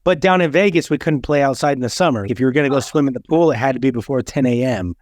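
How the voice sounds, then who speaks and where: A man's voice: medium pitch, fast talker, dry recording, clean studio sound. A man in his thirties hosting a podcast, chatting casually and bluntly, swearing freely as he tells stories. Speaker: podcast host. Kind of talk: casual chat.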